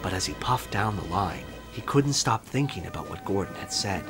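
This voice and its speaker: A man narrates a children's storybook with a lively, expressive voice and a gentle manner. Music plays clearly behind him. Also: deep voice, normal speed.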